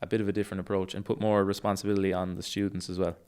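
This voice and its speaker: Irish man, young adult, smooth voice, casual chat, enthusiastic. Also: low-pitched, level tone, very fast, a little mellow. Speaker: jiu-jitsu coach. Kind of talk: casual podcast conversation.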